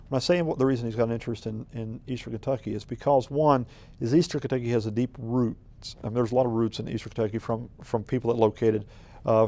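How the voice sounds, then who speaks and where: Mellow-voiced city manager rambling. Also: male voice, mid-range voice, gravelly. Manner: rambling, filler-heavy, folksy storytelling. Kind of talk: conversational interview.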